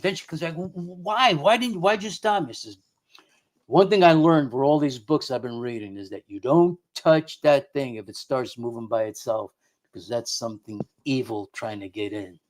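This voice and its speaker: A middle-aged man telling a story of his own past as a radio guest. His voice sits at an ordinary male pitch, and he wanders through the tale with many restarts, repeated words and quoted lines of what people said. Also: moderate pace, darkish tone. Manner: rambling, full of restarts and quoted dialogue. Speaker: guest investigator of the unexplained.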